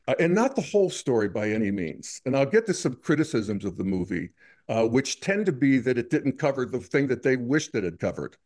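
Rambling man hosting a film chat. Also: mid-range voice. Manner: rambling, hesitant, many restarts. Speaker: podcast host. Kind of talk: casual film discussion.

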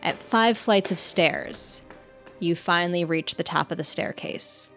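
A woman game master narrating a tabletop game in a measured, descriptive way. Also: on the low side, a bit bright, faint music behind. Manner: measured, descriptive scene-setting.

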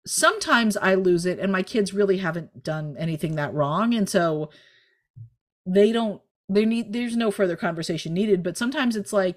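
Lively, candid woman giving parenting advice. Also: mid-range voice. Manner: lively, candid, rapid bursts with frequent "right?". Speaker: podcast co-host, parenting guest. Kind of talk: casual conversational advice.

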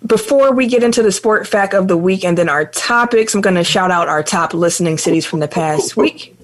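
A man co-hosting a casual sports podcast, easygoing and quick to laugh. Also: high voice, a bit bright. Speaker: podcast co-host.

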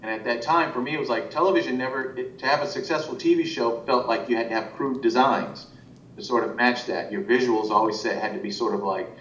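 Speaking fast with a fairly bright tone, a man who directs animation chats casually in an interview, rambling and restarting with many fillers. The distant mic gives the audio a roomy, muffled quality and a faint rumble.

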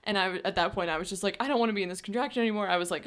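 A young woman telling a story in a relaxed chat, full of fillers and frequent laughs. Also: mid-range voice, rapid-fire. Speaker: podcast co-host.

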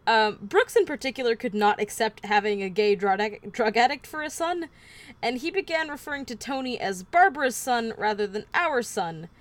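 A woman hosts a casual podcast, recounting a true story with dry, wry asides. Her voice sits a little high. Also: animated, normal speed. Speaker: podcast host. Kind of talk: casual true-crime chat.

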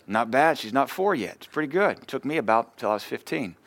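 A man's voice: mid-range voice, expressive, a little fast, a bit bright, no room sound. A man pastor giving a sermon in a conversational way, acting out short everyday exchanges. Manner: conversational preaching, acts out short dialogues.

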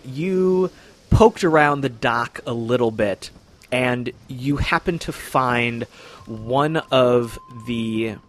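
Measured male game master narrating. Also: medium pitch.

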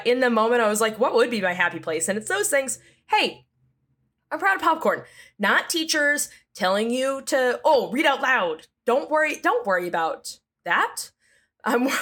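A woman's voice: on the high side, pushed and bright. A woman hosting a solo news podcast, sarcastic and exasperated, breaking into jokey asides as she rants about politics. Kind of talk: comedic solo news commentary.

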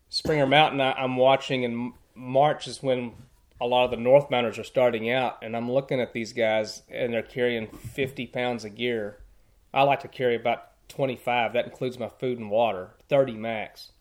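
A man's voice: medium pitch, steady tone, moderate pace. Plainspoken man telling trail stories. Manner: earnest, plainspoken, repeats words as he thinks. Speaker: podcast guest, thru-hiker. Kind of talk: casual storytelling.

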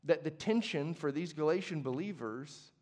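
A young adult man preaching a sermon as pastor, conversational and passionate, moving from hushed to emphatic. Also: fairly high pitch, animated, moderate pace.

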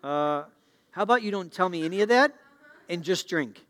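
A middle-aged male pastor preaching a sermon in a church, asking the congregation questions and moving between loud declarations and hushed appeals. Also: high voice, animated, normal speed. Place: church sanctuary.

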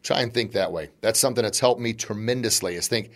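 A middle-aged man hosting a motivational podcast, talking in an animated, chatty way and laughing between points. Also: fairly low pitch, fast talker, few pauses. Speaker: podcast host.

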